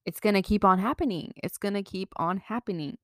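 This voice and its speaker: A woman's voice: mid-range voice, brisk, fairly bright tone, no room sound, clean studio sound. A young woman giving casual life advice to camera, chatty and frank, swearing freely and slipping into Mexican Spanish now and then. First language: bilingual, slips into Mexican Spanish. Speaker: vlogger.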